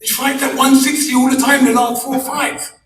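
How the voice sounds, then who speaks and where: A man's voice: very high-pitched, little pitch movement, normal speed, a bit bright, a little hiss or hum. A man, father of a fighter, telling jokey stories at a press conference and acting out what others said. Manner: jokey, storytelling, acts out quotes. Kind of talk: animated press conference talk. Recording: echoey room from far off with faint ambience.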